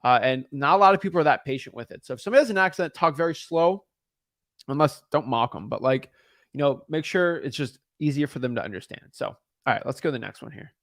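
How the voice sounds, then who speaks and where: A man's voice: mid-range voice, quick pace, a bit bright, dry recording, clean studio sound. A man casually explaining his cold calls to viewers and talking with sellers, rambling and often repeating words as he starts a sentence. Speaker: real estate wholesaler making cold calls.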